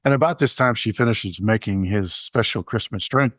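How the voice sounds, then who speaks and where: A man's voice: lowish voice, moderate pace, a bit bright, no echo, clean studio sound. A man co-hosting a podcast, telling stories in a rambling way with many ums and uhs. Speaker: podcast co-host. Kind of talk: conversational storytelling.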